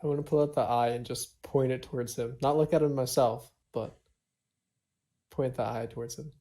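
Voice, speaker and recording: A man's voice: medium pitch, steady tone, normal speed, warm tone. A man playing a tabletop game, casual, blunt and a little flustered. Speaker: player.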